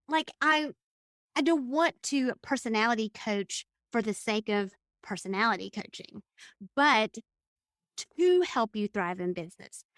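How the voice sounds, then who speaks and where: A woman's voice: a little high, fairly bright tone, no room sound, clean studio sound. A middle-aged woman hosting her own coaching podcast, talking in a chatty, rambling way with frequent laughs. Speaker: business coach and podcast host. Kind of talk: solo podcast monologue.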